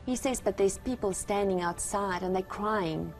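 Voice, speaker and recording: A woman's voice: mid-range voice, normal speed, soft background music. Earnest South African woman giving testimony. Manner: earnest, emphatic, retells conversations with God. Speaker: guest. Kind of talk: testimony on a Christian talk show.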